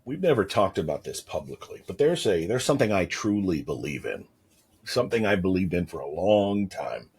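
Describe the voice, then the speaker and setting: A man's voice: deep voice, very animated, normal speed, a little mellow, breathy edge. A man in his thirties co-hosting a casual podcast, telling stories in a rambling, playful way. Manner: rambling storyteller, playful asides. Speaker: podcast co-host. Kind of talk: casual chat.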